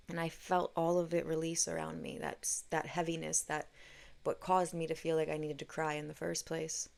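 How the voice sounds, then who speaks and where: Low, gravelly woman talking spirituality. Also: flat delivery, moderate pace. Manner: earnest and candid, with casual swearing. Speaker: spiritual podcast host. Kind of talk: reflective spiritual monologue.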